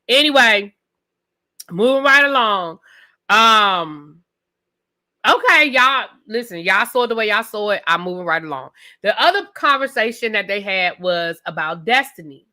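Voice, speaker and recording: A woman hosting a live TV review show, talking loudly and emphatically straight to her viewers in a casual rant. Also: mid-range voice. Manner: loud, emphatic, talks straight to the audience.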